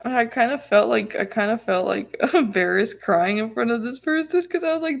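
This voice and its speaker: Chatty young woman with a gravelly voice. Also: fairly high pitch, brisk, few pauses. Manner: chatty, full of "like" and restarts, laughs often. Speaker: vlogger. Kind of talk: casual storytelling to viewers.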